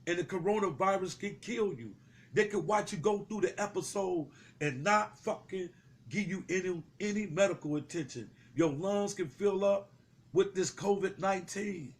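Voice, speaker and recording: Man, young adult, high-pitched, heated, confrontational, profane, street commentary. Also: moderate pace. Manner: heated, confrontational, swearing, repeating himself.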